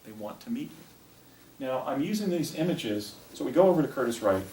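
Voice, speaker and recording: A man's voice: medium pitch, animated, dark tone, recorded from a distance. Older guy rambling through a story at a talk, lots of restarts, echoey room, faint hiss. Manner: rambling, halting delivery with frequent restarts. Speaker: speaker presenting images to an audience. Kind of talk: recounting a personal story in a talk. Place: presentation room with a projector.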